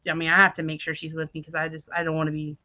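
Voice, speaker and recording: A young woman co-hosting a casual chat, telling animated stories with frequent laughs. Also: low-pitched, rapid-fire, no echo, dull audio. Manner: animated storytelling, laughs often, acts out quotes. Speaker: podcast co-host.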